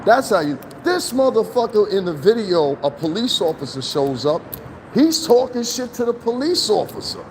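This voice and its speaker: Heated New man filming outdoors. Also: normal speed. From New Jersey, US. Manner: animated, profane, rising to heated pitch when worked up. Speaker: vlogger. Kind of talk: casual outdoor commentary vlog. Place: outdoors by a fence, near traffic. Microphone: handheld phone camera. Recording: outdoor phone recording with traffic noise.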